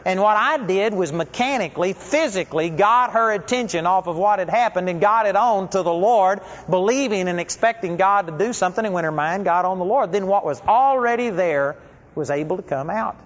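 A man's voice: high-pitched, animated, brisk. A man preaching a sermon, telling stories in a conversational, folksy way. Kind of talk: storytelling sermon. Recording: dull lo-fi recording with long hall reverb.

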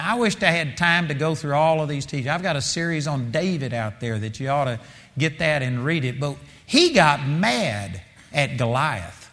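A middle-aged man preaching a sermon, moving between hushed storytelling and loud, impassioned exhortation. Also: on the high side. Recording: long hall reverb.

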